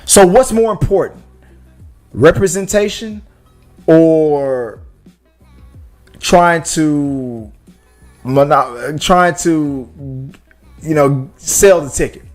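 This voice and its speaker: This is a man with a voice a little above the usual pitch, co-hosting a relaxed movie show streamed live. He argues with emphasis and keeps firing rhetorical questions. Soft music sits faintly behind him. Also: drawn-out words, pauses often. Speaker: podcast co-host.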